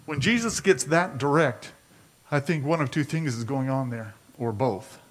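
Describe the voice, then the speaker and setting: A man's voice: mid-range voice, normal speed, slight background noise. A man preaching a sermon as a pastor, talking conversationally and asking his listeners rhetorical questions.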